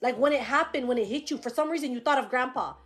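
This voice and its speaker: A woman giving a live-streamed psychic reading in a casual, animated way, swearing and laughing often. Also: high-pitched, quick pace. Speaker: psychic medium.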